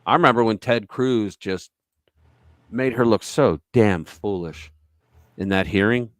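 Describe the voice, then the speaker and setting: A man hosting a casual political chat show, talking bluntly and crudely with lively storytelling. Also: lowish voice, unhurried, dry recording, studio quality. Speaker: show host.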